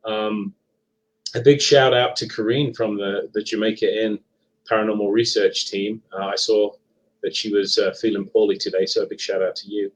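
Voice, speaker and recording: A middle-aged man with a Leicester English accent that has drifted toward American. His voice sits fairly low, and he talks in a relaxed, rambling way, restarting phrases and filling pauses with ums. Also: rough recording. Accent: Leicester English, partly Americanized. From England. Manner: chatty, hesitant with frequent ums and restarts. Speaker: guest author and paranormal investigator. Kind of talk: casual live podcast chat.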